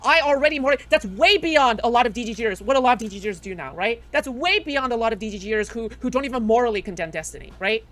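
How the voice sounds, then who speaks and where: A woman's voice: fairly high pitch, animated, quick pace, hardly any pauses, fairly bright tone. A woman streamer ranting heatedly to her chat, swearing often and tagging nearly every sentence with "okay?". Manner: heated, profane, repeats "okay?" constantly. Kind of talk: livestream reaction rant.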